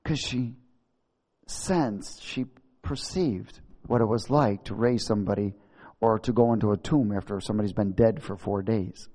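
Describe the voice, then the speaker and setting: A man's voice: fairly low pitch, moderate pace, mellow. A male preacher giving a sermon, emphatic and repeatedly calling out for a response from his listeners. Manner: emphatic, calls for audience response. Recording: long hall reverb.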